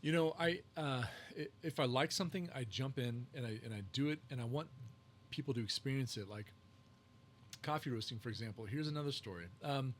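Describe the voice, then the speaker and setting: Talking fairly quickly in a medium-pitched voice, a cigar maker guesting on a podcast rambles through long, casual stories, stuffed with fillers and frequent restarts. A little hiss or hum sits under the recording.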